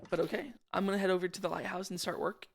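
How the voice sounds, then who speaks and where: A man's voice: high-pitched, flat delivery, racing, gravelly, noisy background. A young man giving casual, rambling commentary over his own game footage, slangy and self-deprecating. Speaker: gaming channel host.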